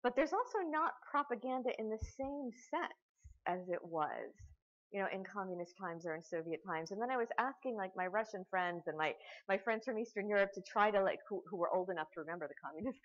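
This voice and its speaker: A woman's voice: medium pitch, expressive, fast talker. A woman lecturer answering questions after a talk, storytelling with lots of fillers and restarts. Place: lecture hall. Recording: muffled lecture recording.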